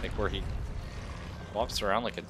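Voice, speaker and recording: A man streaming a game live, commenting casually and swearing loudly at the monster, with game music loud behind him. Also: on the low side, normal speed, heavy background noise. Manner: profane, exclaims and mutters at the game.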